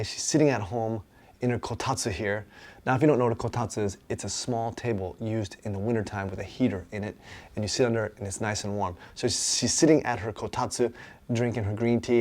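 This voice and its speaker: A man's voice: on the low side, darkish tone. A man, a martial arts instructor, casually and enthusiastically explaining a manga page by page, often asking "right?".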